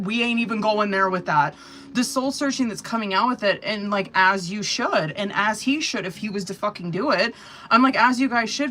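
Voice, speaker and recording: Cussing tarot lady on a webcam livestream, bright voice, blunt and loud about it. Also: fairly high pitch. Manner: profane, blunt and animated, slangy. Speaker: tarot reader. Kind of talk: live-stream tarot reading.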